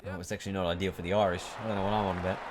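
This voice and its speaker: Excitable man calling a cricket game. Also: deep voice, racing, heavy background noise. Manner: excitable, jumps up at big moments; chatty, corrects himself. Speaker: video game commentator. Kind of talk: play-by-play sports commentary.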